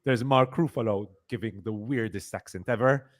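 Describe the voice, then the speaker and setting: A man with a fairly low voice hosts a casual review podcast. He rambles with lots of fillers and repeated words. He slips into emphatic complaints. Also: moderate pace. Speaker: podcast host.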